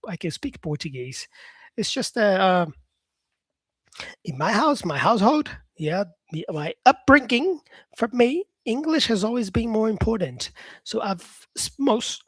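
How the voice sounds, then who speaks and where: A man's voice: high voice, a bit bright, husky, dry recording. A man teaching English, talking casually to viewers and stressing his points by restating them in new words. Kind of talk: casual explanatory talk to viewers.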